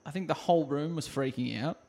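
A man's voice: fairly high pitch, a little fast, vocal fry, a little mellow, husky. A man with an Australian accent, co-hosting a podcast, telling rambling stories in casual chat and swearing freely. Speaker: podcast co-host.

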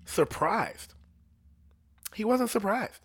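A man's voice: high voice, animated, slow pace, slightly rough. Profane, rambling male storyteller. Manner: crude, profane, rambling with laughs. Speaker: podcast storyteller. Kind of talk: casual storytelling.

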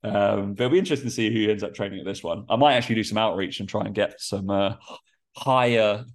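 A man's voice: fairly low pitch, fast talker. A man with a nasal, congested voice, a personal trainer chatting casually on a podcast in a rambling way full of fillers.

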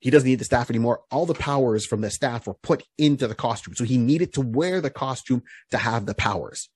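A man's voice: mid-range voice, brisk, a little mellow, breathy edge, no echo. A man co-hosting a podcast, casually recapping a comic book hero's story, rambling with lots of fillers and restarts. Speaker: podcast co-host.

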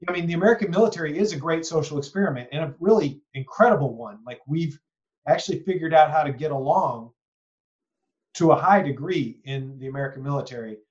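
Hosting a conversational podcast interview, an East Texas man rambles reflectively, with plenty of asides and frequent "you know"s and "right?"s. He talks fast in a slightly high voice with a darkish tone, and the highs are cut off.

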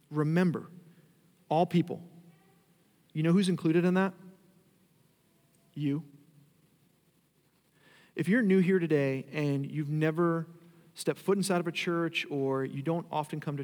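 A man's voice: fairly high pitch, measured pace, pauses often, darkish tone. A man preaching a sermon as pastor, talking conversationally and rising into emphatic declarations. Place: church sanctuary. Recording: long hall reverb.

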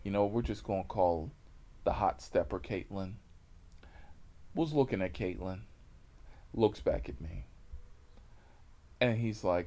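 A man working as a rideshare driver, telling a story in an animated, slangy, casual way. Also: deep voice, slow pace, long pauses.

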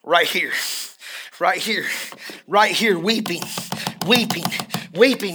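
A middle-aged male pastor with a high, bright voice preaches in a church. He drops low and quiet for confiding asides, then builds to loud, shouted climaxes. His delivery swings hard between intimate and thunderous. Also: takes it slowly, long pauses, husky. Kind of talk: sermon. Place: church service in a room.

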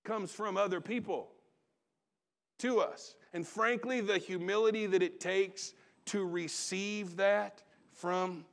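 During a sermon, a middle-aged man who is a pastor recounts something from his own life, slowly and in a high-pitched voice. He shifts from animated delivery to hushed asides.

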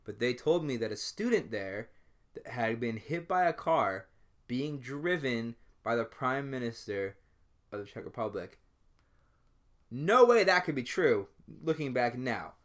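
A man's voice: medium pitch, big pitch swings, measured pace. Joking young man on a podcast. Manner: joking, spins playful conspiracy theories. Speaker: podcast co-host. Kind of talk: casual chat. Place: friend's house.

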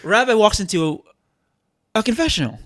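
A man's voice: sits high, big pitch swings, moderate pace, fairly bright tone. A man co-hosting a podcast, casual comedic banter, whiny and self-pitying as he riffs. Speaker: podcast co-host.

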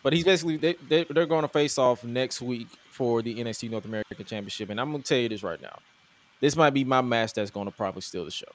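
A man's voice: medium pitch, fast talker. Man casually rambling about wrestling. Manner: loose, joking, rambling with restarts. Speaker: podcast co-host.

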